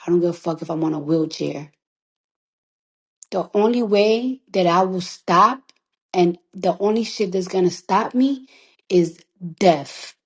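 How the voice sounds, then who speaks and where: In a lowish, unhurried voice, a woman recording artist cries as she speaks on a phone livestream. The emotional monologue is emphatic and defiant, with plenty of swearing and repeated lines for emphasis.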